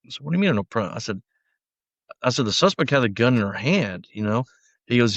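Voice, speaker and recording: A middle-aged man, a former deputy, recounting his past in a casual conversational interview, often quoting others and trailing off quietly. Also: mid-range voice, big pitch swings, fairly quick, no room sound, highs cut off. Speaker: podcast guest, former sheriff's deputy.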